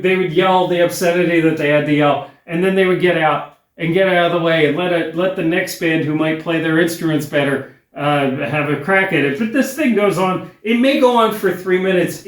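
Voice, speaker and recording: A middle-aged man talks through an album review in a casual, wry, blunt way, often stopping and restarting mid-sentence. His voice sits a bit high for a man. The room around him is noticeably echoey. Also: normal speed. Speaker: record reviewer, channel host.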